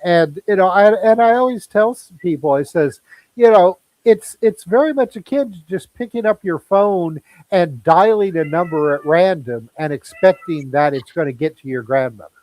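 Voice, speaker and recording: A man's voice: sits high, expressive, normal speed, a little mellow, dry recording, rough recording. A man speaking as a guest in a casual chat, explaining things in a conversational way with many fillers.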